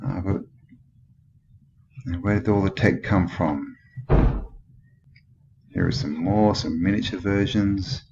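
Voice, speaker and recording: A man's voice: sits low, slow, long pauses. An Australian man giving a rambling commentary over old photos, musing and skeptical, thinking aloud with many questions. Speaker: channel host. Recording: dull lo-fi with clear background noise.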